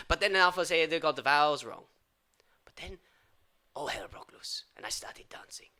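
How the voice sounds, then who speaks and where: Male improv comic: high, very bright voice, rambling absurd patter with mock-foreign phrasing. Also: big pitch swings, fairly quick, smooth. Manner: rambling absurd patter, swinging from loud outbursts to whispers. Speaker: improv comedian.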